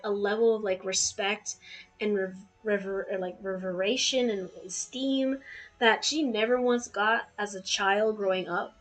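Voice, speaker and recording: A woman's voice: medium pitch, poor audio. A young woman playing a fan-made game, rambling with lots of fillers and laughing as she reads the story text aloud. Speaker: game streamer. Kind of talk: let's play commentary and reading aloud.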